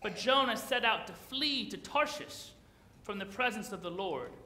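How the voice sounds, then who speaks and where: A man's voice: sits high, expressive, normal speed, bright, forceful tone, echoey room. A man preaching a sermon as pastor, in a conversational, playful way, often putting questions to the congregation.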